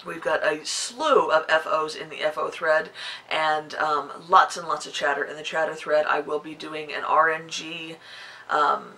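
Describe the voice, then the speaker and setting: A woman's voice: sits low, level tone, a little slow, pushed and bright, rough recording. A woman in her forties hosting her knitting podcast, chatting casually to the camera and rambling with lots of fillers. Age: 40s.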